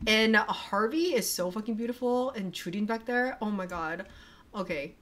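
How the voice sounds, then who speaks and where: A woman streamer reacting live in a casual, excitable way, swearing a lot and filling her talk with "like". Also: mid-range voice, moderate pace. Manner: gushing and excitable, swears a lot, full of "like" fillers. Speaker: streamer reacting to a music video. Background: music from the video playing.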